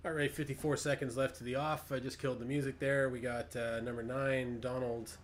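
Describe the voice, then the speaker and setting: A man's voice: mid-range voice, little pitch movement, brisk, a little hiss or hum. A man streaming a sim race, chatting and joking with viewers while he drives. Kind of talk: casual live-stream chat while racing.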